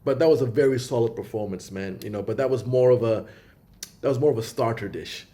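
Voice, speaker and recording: A man judging a talent show, giving halting feedback and often repeating himself. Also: medium pitch, warm tone.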